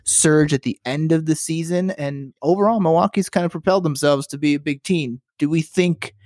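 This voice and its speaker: A man's voice: a little high, moderate pace, a little mellow, dry recording, clean studio sound. A man hosting a sports podcast, leading the topics and asking the others questions. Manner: leads topics, asks questions. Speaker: podcast host. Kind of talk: casual sports chat.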